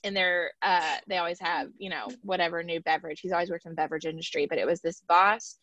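A woman's voice: on the low side, fairly even intonation, quick pace, a bit bright, no echo. A woman hosting a podcast, chatting in a rambling, easygoing way and laughing easily. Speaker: podcast host. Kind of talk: casual chat.

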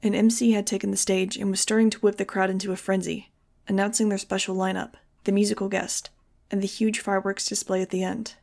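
A woman reading a novel aloud in the first person, with steady, expressive storytelling. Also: medium pitch, fairly quick, gravelly. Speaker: audiobook reader.

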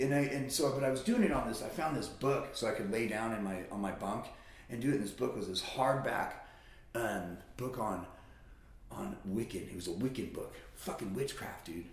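Male guest, casual storyteller, swears freely, heavy room echo. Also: medium pitch. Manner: blunt and profane, swears often. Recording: very echoey room.

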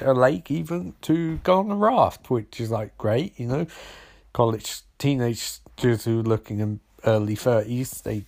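A man's voice: mid-range voice, gravelly, darkish tone. A man casually recapping a film in a rambling, wry and sarcastic way, swearing now and then. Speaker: film reviewer.

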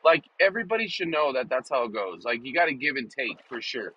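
A man's voice: mid-range voice, expressive, fast talker, pushed and bright, highs cut off, slight background noise. A man vlogging in a rambling, joking, profane casual monologue. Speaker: vlogger and podcaster.

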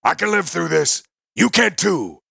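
A man reading a fantasy audiobook, voicing a huge minotaur warrior who speaks in short, forceful bursts. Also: sits high, sing-song, unhurried, creaky, slightly rough, no echo, studio quality, voice pushed up, heavily acted. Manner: blunt, forceful.

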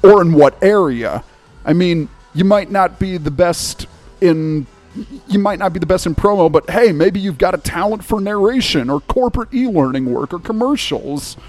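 A man's voice: sits high, lively intonation, moderate pace, darkish tone, soft background music. A man, a voice actor, explaining his craft in an interview, eager and full of fillers. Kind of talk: interview conversation.

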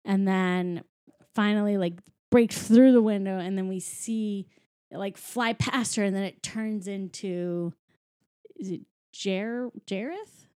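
A woman chatting casually on a podcast, retelling movie scenes and slipping into quick quoted voices. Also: medium pitch, mellow, no echo, clean studio sound. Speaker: podcast co-host recapping a film. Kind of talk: casual chat.

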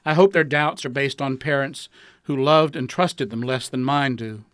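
A man reads his own heartfelt letter aloud, earnest and tender at a middle pitch. The recording is dry and close. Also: a bit bright, dry recording. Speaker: author reading his own work.

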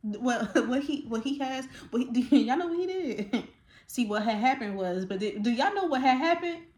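A woman hosts a faith-based talk and speaks with open passion. She drops casual slang as she goes, breaks into quick laughs and builds excitement. The sound is roomy and echoey. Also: sits high. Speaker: podcast host.

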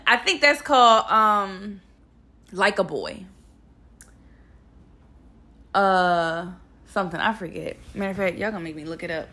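A young adult woman telling a personal story to her viewers in a casual, blunt, animated way, swearing freely and speaking straight to the audience. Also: medium pitch, unhurried, long pauses. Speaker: vlogger.

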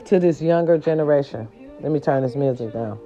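A woman's voice: sits low, a little fast, mellow, dull audio, faint music behind. Sassy, fired-up woman ranting to viewers. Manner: sassy, profane and emphatic, talks straight to viewers. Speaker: vlogger. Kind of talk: casual ranting monologue.

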